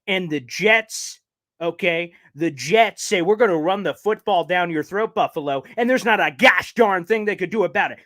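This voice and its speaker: A man's voice: normal speed, fairly bright tone, dry recording. A man hosting a live fan recap show, ranting and taunting in a fired-up way, a little out of breath. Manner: fired-up, taunting rants with big pitch jumps. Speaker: sports show host.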